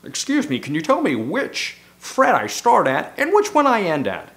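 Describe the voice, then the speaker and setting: A man's voice: sits high, huge pitch swings, moderate pace, a bit bright, pitched above the performer's own voice, full character voice, rough recording. A man voicing a prim, overly polite male guitar student who asks his questions in a fussy, formal way.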